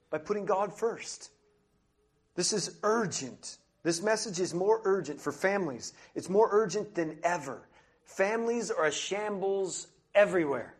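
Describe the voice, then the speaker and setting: A man preaching a sermon with an earnest, emphatic delivery, slowing down to lean on his key phrases. His speaking voice sits a little higher than most men's. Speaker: missionary preacher. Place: church.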